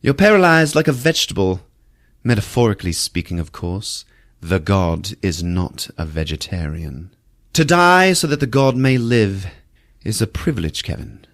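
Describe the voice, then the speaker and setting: A man's voice: lowish voice, animated, moderate pace. A man voicing a seductive, sinister female snake villain, mocking and purring. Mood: menacing.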